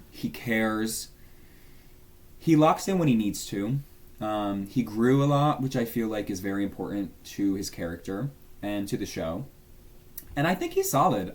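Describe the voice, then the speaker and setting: A man's voice: lowish voice, darkish tone. A young man chatting casually as a YouTuber, gushing and rambling about his favourites. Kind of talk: casual fan tier-list chat.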